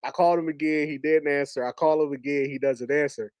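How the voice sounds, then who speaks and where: A man's voice: fairly high pitch, fairly even intonation, fast talker, a little mellow, no room sound. A man on a podcast telling a personal story in an earnest, conversational and emotional way. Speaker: podcast guest. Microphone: podcast studio mic.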